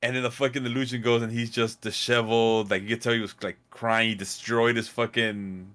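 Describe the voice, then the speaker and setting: A man's voice: medium pitch, level tone, a little fast, fairly bright tone. A man co-hosting a casual chat, laid-back and joking with crude slang. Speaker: podcast co-host. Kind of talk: casual movie recap chat.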